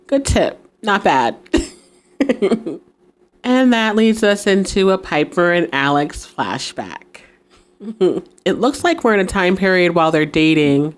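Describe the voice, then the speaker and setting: A young woman with a slightly low voice talks through a TV episode for her podcast. She keeps things casual and animated. She laughs easily and slips into the characters' lines as she goes. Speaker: podcast host recapping a TV episode. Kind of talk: casual recap with acted-out quotes.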